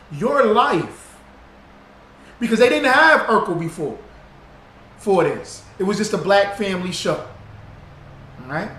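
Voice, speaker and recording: A man with a high, fairly bright voice runs a livestream, greeting viewers by name and reading their comments aloud. He teaches in a casual, loose way, repeating ideas to make them stick, while a roomy echo and faint background noise fill the recording.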